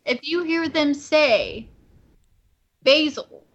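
A woman's voice: high voice, normal speed, a bit bright, highs cut off. A woman chatting casually as a co-host, giggly and scattered, jumping from one thought to the next. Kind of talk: casual chat. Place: indoors, filming themselves on camera.

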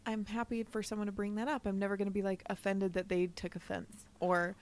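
A woman's voice: mid-range voice, level tone, darkish tone. Giggly woman hosting a podcast. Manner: giggly, playful, quick to laugh. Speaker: podcast host. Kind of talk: casual chat.

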